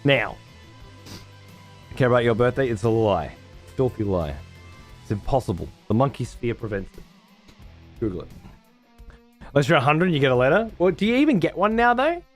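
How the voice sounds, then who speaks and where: A man's voice: medium pitch, very animated, brisk, long pauses, soft background music. Sarcastic, sweary man streaming. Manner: profane, sarcastic banter. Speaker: livestream host. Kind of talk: casual chat with viewers. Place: room at home.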